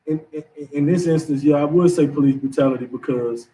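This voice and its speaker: Emphatic higher-voiced man teaching a class. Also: a little fast, warm tone, far from the mic. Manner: emphatic, street-casual preaching. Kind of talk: scripture class discussion.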